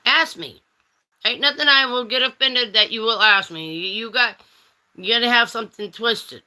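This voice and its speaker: A woman's voice: fairly high pitch, normal speed, pushed and bright. A woman hosting a casual livestream, reading chat and teasing viewers with pet names like honey and darling.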